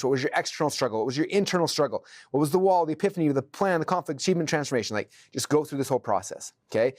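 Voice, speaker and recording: A man teaching a live workshop to an audience, energetic and excitable, acting out his own thoughts as he goes. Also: a little high.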